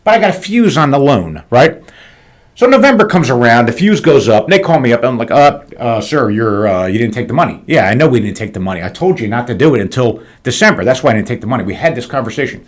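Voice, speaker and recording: A business owner hosting a podcast, telling a heated story in a casual, animated way, swearing often. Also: male voice, medium pitch, fast talker.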